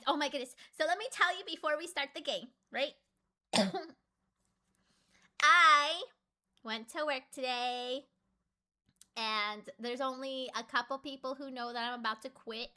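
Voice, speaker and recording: A young adult woman chatting casually with her stream, full of fillers and sudden jumps up in pitch when she gets excited.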